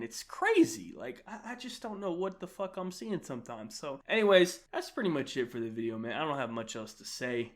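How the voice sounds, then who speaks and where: Man, casual commentary, lecturing, exasperated, lively swinging pitch. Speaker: commentator in a reacted clip.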